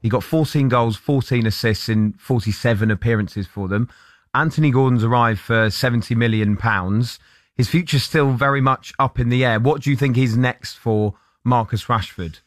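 A man hosting a sports radio show, firing off questions and building his points with quick asides. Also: mid-range voice, no echo, clean studio sound.

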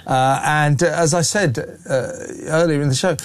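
A man's voice: a little high, fairly even intonation, unhurried. A man hosting a phone-in talk radio show, reading out listener messages and giving blunt, opinionated views that rise into heated rhetorical questions.

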